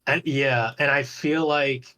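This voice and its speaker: A man's voice: medium pitch, fairly even intonation, slow, sharp tone. A man talking as a guest on a podcast in a loose, rambling way, swearing casually and restarting his sentences often. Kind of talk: casual chat about an online game.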